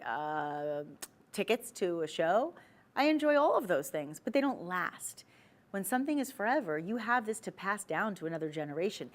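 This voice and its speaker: A woman hosting a TV shopping show, chatty and persuasive, talking straight to the viewers as she sells jewelry. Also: on the low side. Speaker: shopping channel host. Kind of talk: TV shopping sales pitch.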